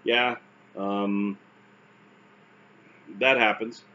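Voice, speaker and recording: A man's voice: on the low side, little pitch movement, very slow, bright, forceful tone, lo-fi sound. A man with a Canadian accent talking casually to camera, wry and self-deprecating, with frequent fillers and restarts. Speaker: vlogger recounting stroke recovery.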